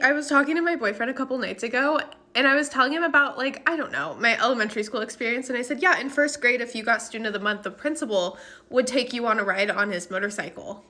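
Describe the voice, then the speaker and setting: A woman's voice: mid-range voice, pushed and bright. A woman telling a casual storytime in a chatty, playful, joking way.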